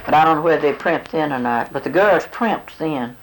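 A woman's voice: sits low, brisk, a little hiss or hum, rough recording. An older woman being interviewed, answering in a plain, casual way with short replies and hesitant restarts. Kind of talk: casual recollection.

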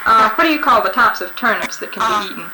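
A woman interviewer asking questions one by one in a measured, patient way. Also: on the high side, expressive, a crowd in the background, low-quality recording. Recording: hissy old tape recording.

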